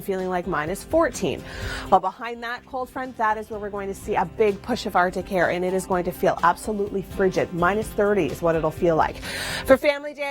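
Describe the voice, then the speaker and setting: A woman presenting the TV weather forecast in an upbeat, chatty way, leaning on key words. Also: medium pitch. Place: TV studio.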